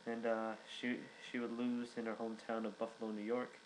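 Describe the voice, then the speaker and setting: A man's voice: medium pitch, completely flat delivery, fairly quick, a little hiss or hum, low-quality recording. A young man giving a casual recap, rambling with many fillers and restarts. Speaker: wrestling reviewer.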